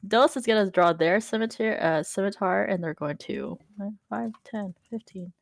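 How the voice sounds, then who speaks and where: A woman's voice: lowish voice, moderate pace, creaky, no room sound, studio quality. A woman narrating as dungeon master in a tabletop game, giggly and rambling, with lots of fillers.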